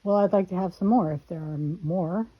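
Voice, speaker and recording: A woman's voice: on the low side, fairly quick. A woman, an adult daughter in casual family chat at home, teasing and laughing often. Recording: tinny phone-like sound.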